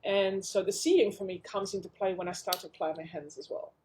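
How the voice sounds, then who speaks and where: A woman being interviewed about animal communication, telling her story in a lively way and acting out the voices she quotes. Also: medium pitch, a little fast, slight background noise. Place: Sydney.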